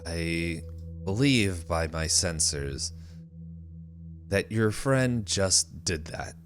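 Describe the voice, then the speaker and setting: A man voicing a calm male computer intelligence built into a wall as a giant robot head. He speaks slowly and with polite formality. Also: sits low, voice pushed down, heavily acted. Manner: slow, measured, politely formal.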